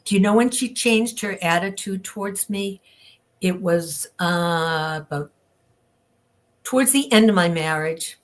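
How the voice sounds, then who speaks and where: An older woman speaks as an interview guest, her voice sitting a little low. She tells her story candidly and with life, acting out what others said to her. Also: unhurried. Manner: candid, lively storytelling with acted-out quotes.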